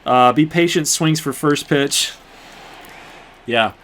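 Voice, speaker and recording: A man's voice: a little high, slow, a bit bright. A young man hosting a gaming channel, chatting to viewers with casual play-by-play while he plays a baseball video game. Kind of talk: casual gameplay commentary.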